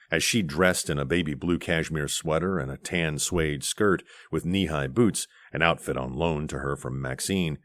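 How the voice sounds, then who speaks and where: A man reading an audiobook aloud in a measured, gentle narration on a close studio mic. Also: rumbling low, no room sound.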